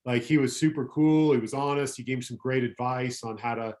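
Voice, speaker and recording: A middle-aged man, a former pro pitcher, telling anecdotes as a podcast guest in a rambling way, correcting himself as he goes. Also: a little fast, darkish tone. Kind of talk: casual storytelling chat.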